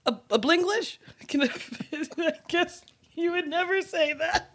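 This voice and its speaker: A woman co-hosting a casual comedy chat, giggly and animated as she riffs. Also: extremely high pitch, unhurried. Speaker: co-host.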